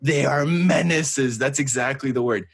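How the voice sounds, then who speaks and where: A man's voice: mid-range voice, a little slow, slightly rough. A young Canadian man co-hosting a podcast, telling jokey, rambling stories in casual chat. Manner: chatty, jokey, rambling storyteller. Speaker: podcast co-host.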